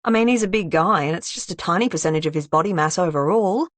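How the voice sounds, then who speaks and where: Blunt swearing lady sleuth, dry and wry, kinda low, as a woman reads her. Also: quick pace, no echo, lightly acted. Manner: blunt, sardonic, swears often. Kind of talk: audiobook character reading.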